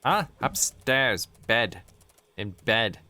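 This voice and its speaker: A man's voice: medium pitch, animated, drawn-out words, bright, forceful tone, heavily acted. A man voicing a dazed, evasive middle-aged father in a horror game, mumbling vague answers.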